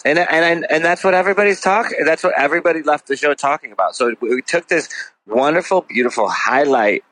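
A man's voice: on the high side, brisk, pushed and bright, no room sound, low-quality recording. Rambling, profane male storyteller. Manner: rambling, swears freely, many "like" fillers. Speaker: guest musician. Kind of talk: casual storytelling in a podcast chat.

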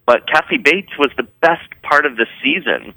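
A man's voice: fairly high pitch, very animated, normal speed, pushed and bright, no echo, rough recording. A man from the Eastern Shore of Maryland, speaking, chatting as a podcast guest in a rambling way, full of "um" and "you know.". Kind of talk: casual conversational chat.

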